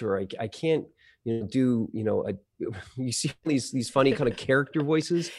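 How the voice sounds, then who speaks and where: A man's voice: mid-range voice, animated, moderate pace, darkish tone, no room sound, clean studio sound. A man who works as an audio engineer, explaining voice-over work in a rambling, conversational way with many fillers and restarts. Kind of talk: conversational podcast interview.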